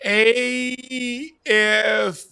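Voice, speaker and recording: A man doing a mocking impression of a raspy man fumbling through a spelling quiz, spelling slowly letter by letter. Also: very high-pitched, little pitch movement, pushed and bright, voice pushed up, full character voice. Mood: fumbling, pleading. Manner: slow, halting, spells letter by letter. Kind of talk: mocking impression in a casual vlog.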